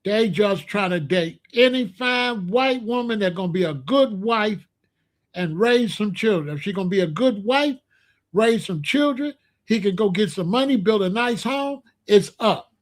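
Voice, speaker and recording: Man, high voice, blunt repetitive livestream talk, middle-aged. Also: animated, moderate pace. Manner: blunt, repetitive, asks the chat questions. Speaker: livestream host. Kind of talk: casual livestream monologue.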